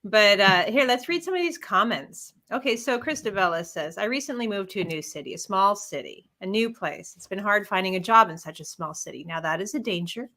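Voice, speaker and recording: A woman's voice: mid-range voice, animated, a little fast, hardly any pauses, sharp tone. A woman co-hosting a podcast who reacts with frequent laughs and reads out listener comments in casual chat. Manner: laughs often, reacts with short responses. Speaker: podcast co-host.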